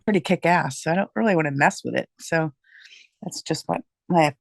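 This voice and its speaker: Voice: medium pitch, moderate pace, creaky, no echo. A participant in a casual group discussion, talking in a rambling, loose way with many fillers.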